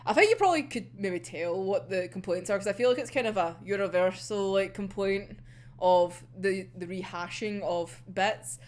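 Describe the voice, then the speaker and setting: A woman's voice: mid-range voice, normal speed. A young adult woman with a Scottish accent, chatting casually about an anime episode, laughing often and swearing freely. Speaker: anime reviewer.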